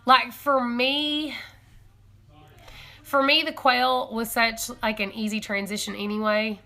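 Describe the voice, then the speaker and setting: A young woman hosting a homesteading live stream, chatting casually and excitably with viewers, thinking aloud and laughing often. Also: on the high side, slow pace, vocal fry. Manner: rambling, self-correcting, thinking aloud.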